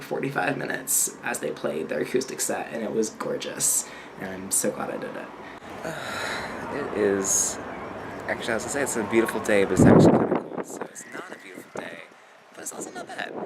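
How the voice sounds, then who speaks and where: A man's voice: on the low side, lively intonation, normal speed, creaky. A young American man chatting casually in a travel vlog, rambling and laughing often into a handheld camera. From United States. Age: young adult. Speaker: vlogger. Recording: loud background noise.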